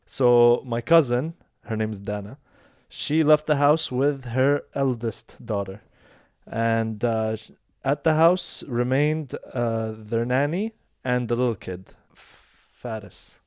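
A man's voice: slow, no echo, studio quality. A man hosting a podcast, telling a story in casual chat and acting out the people in it. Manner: animated, acts out quoted voices in high pitch. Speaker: podcast host.

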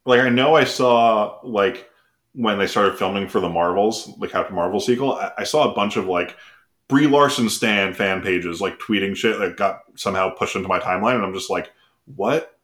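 A slightly low-pitched man co-hosts a casual podcast. He rambles, trails off, laughs often and slips into mocking voices. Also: normal speed, fairly bright tone. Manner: rambling, laughing, swearing, mock-voicing others. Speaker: podcast co-host. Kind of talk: casual chat.

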